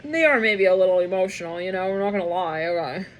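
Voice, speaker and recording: A woman's voice: on the low side, lively intonation, fast, background noise. A woman doing a casual, rambling tarot reading with lots of filler words, often acting out the people she imagines. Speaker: tarot reader.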